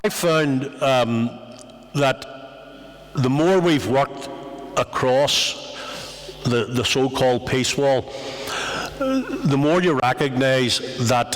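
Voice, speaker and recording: Northern Irish man, wry storyteller. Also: mid-range voice. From West Belfast, Northern Ireland. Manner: storytelling, wry humour, asides and restarts. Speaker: speaker at a community event. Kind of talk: public talk with anecdotes. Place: meeting house. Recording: long hall reverb.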